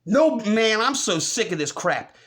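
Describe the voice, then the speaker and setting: A man delivering a furious, profane rant, often breaking into shouts. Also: sits high, sing-song, measured pace. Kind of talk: angry rant.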